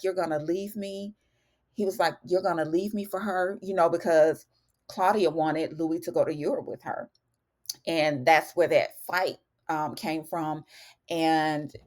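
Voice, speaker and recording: A woman's voice: on the low side, darkish tone. A woman chatting casually through a TV episode recap, calling her viewers y'all. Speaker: TV recap vlogger.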